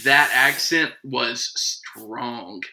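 A man in casual chat with friends, telling a story with lively swings and quiet asides. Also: drawn-out words, slight background noise, low-quality recording. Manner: animated storyteller, drops low for asides.

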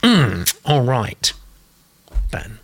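A man with a gravelly, creaky voice hosts a live stream. He reads out viewer comments one after another and breaks them up with ums, quick asides and remarks of his own. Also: medium pitch, huge pitch swings, fairly bright tone. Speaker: host. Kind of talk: live-stream chat reading and discussion.

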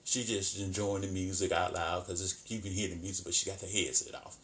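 Male vlogger, low-ish voice, loose colloquial recap, laughs a lot. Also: fairly quick. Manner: animated, colloquial, laughs often. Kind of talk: casual commentary.

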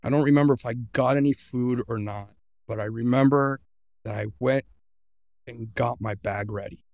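A man's voice: mid-range voice, moderate pace, a little mellow, no echo. A man, a podcast guest, earnestly retelling a personal story and voicing his own inner thoughts.

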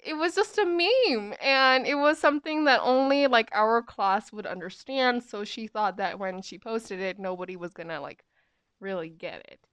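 A woman's voice: on the high side, fairly bright tone, clear, resonant tone, no room sound, clean studio sound. A young woman in her twenties telling a school story in casual chat, with lots of filler words and restarts. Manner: chatty, full of "like" fillers and restarts.

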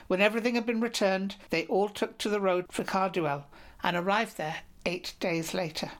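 Woman narrating a medieval tale. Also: medium pitch. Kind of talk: audiobook reading of a medieval romance.

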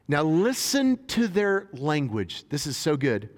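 A man's voice: sits high, sing-song, normal speed, hardly any pauses. A man preaching a sermon in a casual, joking way, reading scripture and paraphrasing it in everyday talk. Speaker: pastor. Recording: long hall reverb.

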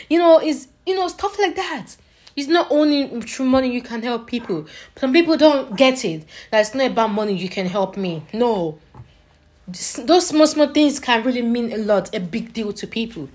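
A young adult woman ranting casually in a vlog, animated and repetitive, laughing between phrases and tired. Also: fairly high pitch, normal speed. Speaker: vlogger.

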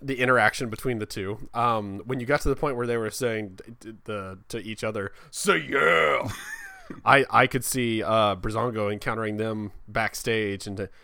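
A man co-hosting a casual wrestling chat, jokey and quick to laugh. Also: fairly low pitch, fairly even intonation, sharp tone, clean tone, no room sound. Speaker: podcast co-host.

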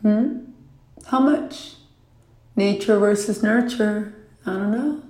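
A woman's voice: mid-range voice, slow, pauses often, mellow, roomy sound. A woman vlogger telling a personal story in a reflective, questioning way, swearing casually now and then.

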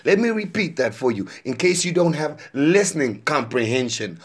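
A man's voice: medium pitch, big pitch swings, normal speed, few pauses, husky. A man in his twenties hosting a podcast, reacting to interview clips in a profane, exasperated casual rant and repeating himself for emphasis. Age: 20s.

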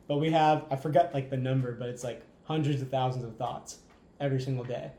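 Enthusiastic rambling man, mellow voice. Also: mid-range voice, steady tone, fairly quick, roomy sound. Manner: enthusiastic, rambling, frequent "like" and "right?". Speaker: podcast guest. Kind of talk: casual conversation.

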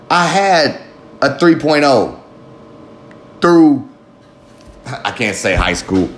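Rambling, profane man in an echoey room. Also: mid-range voice. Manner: rambling, profane, self-reflective, laughs often. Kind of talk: candid personal monologue. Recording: roomy echo with faint ambience.

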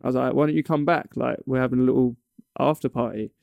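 A man's voice: mid-range voice, steady tone, fast, gravelly, dry recording, phone-quality sound. A young man from England in casual chat, telling a long story with many stumbles and restarts. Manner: rambling, stumbles and restarts often.

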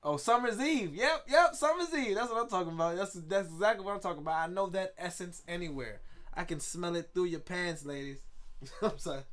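A man's voice: a little high, fairly bright tone. A man hosting a solo podcast in rambling, jokey casual chat, laughing often and tripping over repeated words. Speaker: podcast host.

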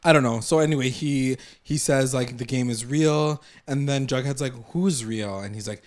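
A man's voice: medium pitch, normal speed. A man in casual chat recapping a TV episode, laughing often and acting out characters' lines. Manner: animated, laughs often, acts out quotes.

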